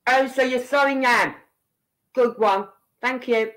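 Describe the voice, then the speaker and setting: A woman's voice: fairly high pitch, slow, a bit bright, low-quality recording. A woman giving angry, blunt reaction commentary, heated and swearing as she talks to the people on screen. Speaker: online commentator.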